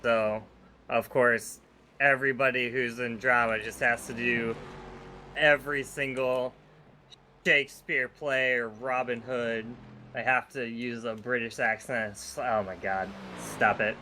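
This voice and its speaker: A man's voice: medium pitch, fairly even intonation, unhurried, bright, forceful tone, slight background noise. Blunt, sweary man chatting while racing. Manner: blunt, swears freely, laughs often. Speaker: endurance sim racing streamer. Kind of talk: casual chat while sim racing.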